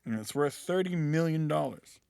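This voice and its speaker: A podcast co-host in casual chat, dropping quick wry jokes into the other host's stories. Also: female voice, low voice, lively intonation, gravelly, dark tone, clear, resonant tone, dry recording, clean studio sound. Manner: quick joking interjections, wry.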